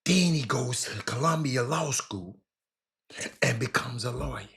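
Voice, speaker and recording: An animated man talks history straight to his listeners in a medium-pitched voice. He stumbles and repeats words as he builds his point, calling out to the crowd. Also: measured pace. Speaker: host. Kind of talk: casual talk on history.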